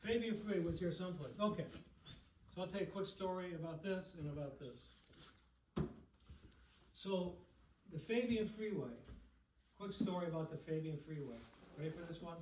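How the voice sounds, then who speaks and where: Presenting books to a dinner group, this man speaks in an expressive, fairly high voice at a moderate pace, pausing often and tossing in "okay?" and "right?" to keep everyone with him. The room echoes, he sounds distant, and there's background noise.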